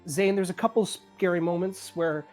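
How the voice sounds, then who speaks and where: A man's voice: high-pitched, fairly even intonation, normal speed, soft background music. A man narrating as game master of a tabletop game, rambling, laughing often and searching for words.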